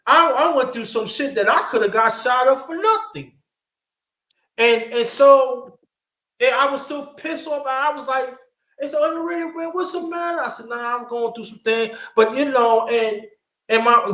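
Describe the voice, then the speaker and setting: A man with a fairly high voice tells a personal story on a podcast, getting animated and cursing freely as he goes. The sound is roomy, with a clear echo around him.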